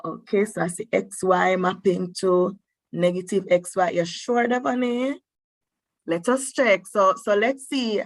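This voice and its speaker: A woman teacher leads an online maths class in an encouraging way, pausing to think aloud with long hmms. She speaks at a middle pitch, and the sound is close and dry with no room echo. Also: steady tone. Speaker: mathematics teacher.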